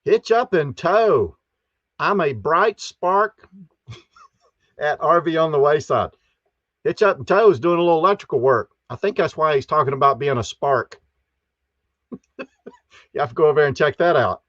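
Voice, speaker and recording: Hosting a live stream, a man greets every viewer folksily in a slightly high voice with lively intonation. He talks at normal speed with long pauses, and the dry, slightly dull audio suggests a lo-fi home setup.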